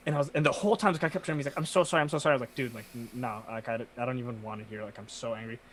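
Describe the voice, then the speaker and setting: Profane, animated young man telling stories. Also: mid-range voice, very fast, a crowd in the background, rough recording. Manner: animated, profane storyteller, bursts into laughter. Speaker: podcast co-host. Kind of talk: casual storytelling chat.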